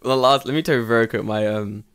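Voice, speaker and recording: A man co-hosting a podcast, swearing freely as he tells animated stories. His voice sits at an ordinary middle pitch. He talks loosely, casually and profanely. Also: fast, clear, resonant tone. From England. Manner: swears a lot, animated storytelling with put-on quoted voices. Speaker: podcast co-host. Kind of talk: casual chat.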